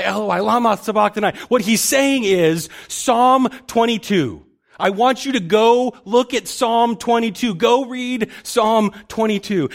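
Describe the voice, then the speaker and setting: Pastor guy preaching, kinda high voice, chatty, keeps restarting his sentences. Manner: conversational, with frequent restarts and repeated words. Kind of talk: sermon.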